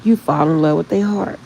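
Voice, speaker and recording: A middle-aged woman talks casually to her live viewers through a phone, rambling from one thought to the next and laughing often. Her voice carries a gravelly, fry-laced edge at a middle pitch, with a faint hiss of ambience behind her. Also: mellow, muffled recording. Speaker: livestream host.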